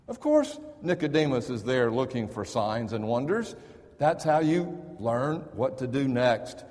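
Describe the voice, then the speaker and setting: A man preaches a sermon, drifting into easygoing stories and stumbling over the starts of his sentences. His voice sits at an ordinary middle pitch. A long reverb trails each phrase, as in a large hall. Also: sing-song, measured pace, darkish tone. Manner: storytelling, conversational with restarts. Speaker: pastor.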